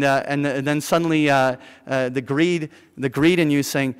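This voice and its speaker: A man leading a live investing seminar in front of an audience, telling an animated story with many fillers and "right?" tag questions. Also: mid-range voice, a little fast, smooth. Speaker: seminar instructor. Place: lecture room with an audience. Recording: reverberant lecture hall.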